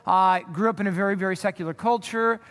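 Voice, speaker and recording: A man's voice: high voice, fast, fairly bright tone, big-room sound. A man from Southern California giving a sermon as a pastor, telling a story in a conversational way, full of fillers and restarts.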